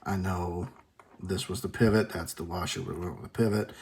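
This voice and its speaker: Deep gravelly man at a workbench. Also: normal speed, a little mellow, slight background noise. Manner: dry, self-deprecating, muttered asides. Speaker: host. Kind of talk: casual workshop talk.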